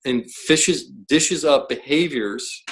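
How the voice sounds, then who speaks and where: A man's voice: medium pitch, slow pace, a bit bright, rough recording. A man who is a professional coach, talking as a podcast guest in an emphatic, blunt way, full of rhetorical questions. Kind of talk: podcast interview.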